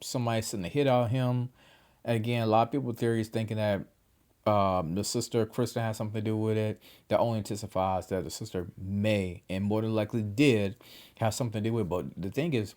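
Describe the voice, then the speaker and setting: Man, low voice, casual TV review host, slangy, chatty storytelling. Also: brisk. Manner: slangy, chatty, animated retelling. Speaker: TV show reviewer. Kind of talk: casual episode recap.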